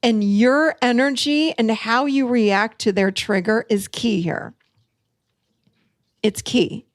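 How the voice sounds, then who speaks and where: A woman hosting a solo talk show, teaching and acting out example lines in an animated way. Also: a little high, takes it slowly, no room sound, clean studio sound. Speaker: podcast host and coach.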